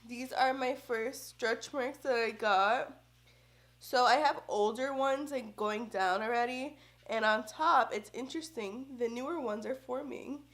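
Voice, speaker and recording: A woman's voice: fairly high pitch, measured pace. A young woman vlogging to the camera about her first pregnancy in a chatty, heartfelt way, with lots of fillers. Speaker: vlogger, first-time mom. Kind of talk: casual chat to camera. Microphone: camera close up. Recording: roomy echo.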